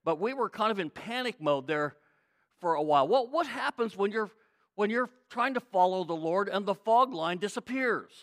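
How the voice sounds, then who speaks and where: A pastor preaching a sermon, emphatic, repeating key phrases and swinging between quiet reflection and loud pleading. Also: male voice, high voice, expressive, normal speed.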